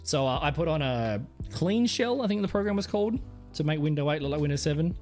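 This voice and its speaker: A man's voice: on the high side, lively intonation, quick pace, a little mellow, soft background music. A man from Australia with an Australian accent, rambling crudely on a casual livestream and laughing often. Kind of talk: casual stream chat.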